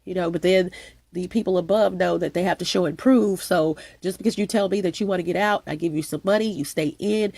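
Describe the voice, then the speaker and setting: Woman vlogger, stuffy nose, gravelly rambling monologue, dry close sound, emphatic and repetitive. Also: mid-range voice, darkish tone, no room sound. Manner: repetitive, emphatic, with frequent restarts. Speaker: channel host.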